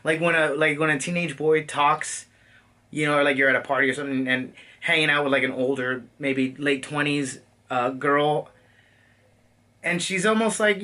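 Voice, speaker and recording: A man with a high, bright, forceful voice rants casually about a movie he just saw, swearing freely and jumping into goofy impressions of the characters. He sits a little back from the mic, so his voice has some distance. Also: normal speed. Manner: animated, profane, acts out quotes in silly voices. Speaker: movie reviewer. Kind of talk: casual movie reaction rant.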